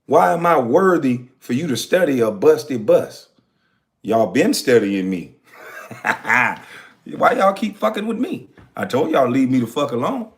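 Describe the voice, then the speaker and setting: A man at mid pitch ranting to camera in a heated, profane voice. He speaks in a confrontational way and swears constantly. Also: sing-song, unhurried. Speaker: commentator answering critics. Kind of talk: angry direct-to-camera rant.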